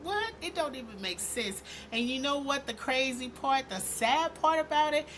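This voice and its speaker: Woman ranting on her vlog, bright sharp voice, pitched a bit high, very animated and sarcastic. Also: a little hiss or hum. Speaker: commentary vlog host. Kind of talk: opinionated commentary.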